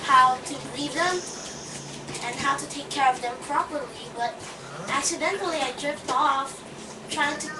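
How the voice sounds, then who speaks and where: Woman dog owner for a home vlog, high voice, unhurried, scolds and yelps, heard from a distance in an echoey room. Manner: chatty, scolds the puppy and yelps out loud. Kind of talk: casual home video. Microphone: webcam. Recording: echoey, distant, noisy webcam audio.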